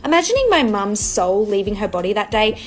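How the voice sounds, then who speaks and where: A woman's voice: mid-range voice, big pitch swings, brisk, faint music behind. A woman telling a childhood story in a wry, matter-of-fact way. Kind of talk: casual storytime.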